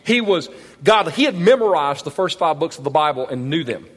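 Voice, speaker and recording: A male pastor preaching a sermon in a large church auditorium, animated and emphatic, often asking the crowd questions. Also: a little high, brisk, slightly rough. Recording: long hall reverb.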